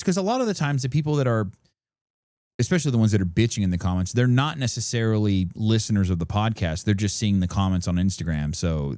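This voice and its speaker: Male podcast co-host, low mellow voice, rambling chatty delivery. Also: no echo. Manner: rambling, explains at length with many fillers. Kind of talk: casual podcast chat. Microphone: studio podcast microphone.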